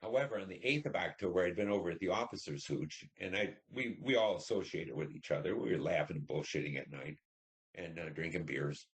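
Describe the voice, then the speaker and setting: A man's voice: sits low, brisk. A man in his seventies, a veteran, telling his war memories in a rambling, blunt and profane way, with many restarts. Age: 70s. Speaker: veteran recounting war service. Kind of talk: oral history storytelling.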